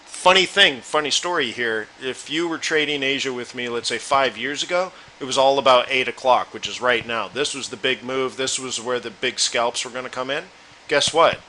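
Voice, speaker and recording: A man's voice: medium pitch, moderate pace, pushed and bright, slight background noise, low-quality recording. A man hosting a live trading webinar, chatting loosely and talking straight to his viewers. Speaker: forex trading room host.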